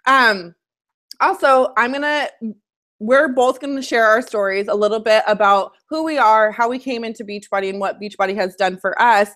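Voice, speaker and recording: A woman's voice: a little high, moderate pace, a bit bright. Woman fitness coach, casual live-stream host at home; chatty, candid, personal delivery.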